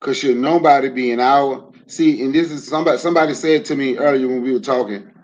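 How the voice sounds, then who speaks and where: A man with a mid-range voice hosts a casual livestream at a quick pace, talking loosely to his chat. He tosses in jokes and questions and rallies his listeners emphatically with repeated lines.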